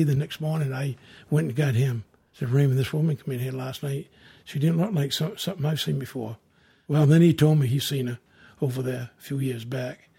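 A man telling a first-person ghost story in a rambling, halting way, full of restarts and repeated words. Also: fairly high pitch, creaky, dark tone, slight background noise.

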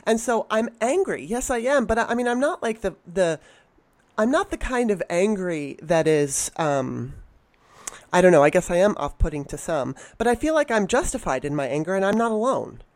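Woman, casual chat, blunt, animated, swearing, mid pitch. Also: moderate pace, dry recording.

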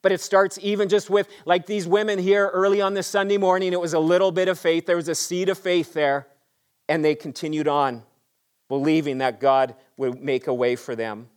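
Higher-voiced pastor preaching with rising fervor. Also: male voice, moderate pace, smooth. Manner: swings from excited, raised delivery to hushed, quiet emphasis; addresses congregation directly with rhetorical questions. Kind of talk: Easter sermon.

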